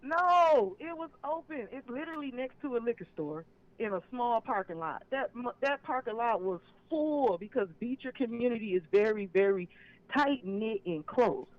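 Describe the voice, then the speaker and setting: A man's voice: extremely high pitch, animated, normal speed, highs cut off. A man calling in to a live show, telling his side in an emphatic, aggrieved way. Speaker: caller. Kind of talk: phone-in call on a live stream. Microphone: phone line.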